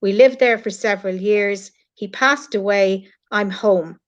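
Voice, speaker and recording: A woman's voice: medium pitch, measured pace. Earnest Irish woman on a lo-fi stream. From Ireland. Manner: earnest, heartfelt, addresses critics directly. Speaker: guest on a live stream. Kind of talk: emotional live-stream chat. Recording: lo-fi online stream audio.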